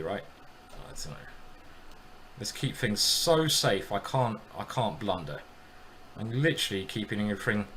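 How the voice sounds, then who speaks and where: A man commenting live on his own blitz chess games and joking with his chat in an animated, self-mocking way. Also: lowish voice, a little hiss or hum. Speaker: chess streamer.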